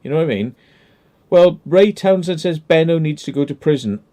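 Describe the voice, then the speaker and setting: A man's voice: a little high, lively intonation, a little fast, mellow. A man, hosting a casual commentary chat, blunt and emphatic with heavy swearing. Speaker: channel host.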